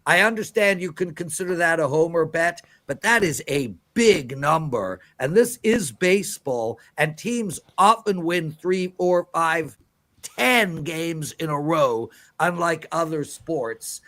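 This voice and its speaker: A man's voice: fairly high pitch, lively intonation, takes it slowly, bright, forceful tone. A man giving emphatic, preachy sports betting picks on a live show.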